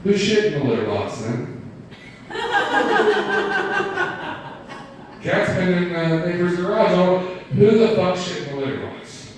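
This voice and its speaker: A man's voice: sits high, wildly swooping pitch, slow, pauses often, noisy background. A man doing a stand-up set, rambling and self-deprecating as he banters with the crowd. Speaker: stand-up comedian. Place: live comedy venue. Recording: roomy, distant live room recording.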